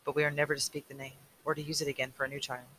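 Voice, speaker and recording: A man reading aloud as a mother, speaking in a soft, hushed, measured way. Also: fairly high pitch, little pitch movement, a little hiss or hum, poor audio. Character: mother, quiet and guarded.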